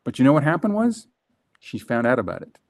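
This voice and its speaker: Animated man telling a business story. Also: mid-range voice. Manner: animated, emphatic storyteller with quick restarts. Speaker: guest, former franchise executive. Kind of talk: conversational storytelling.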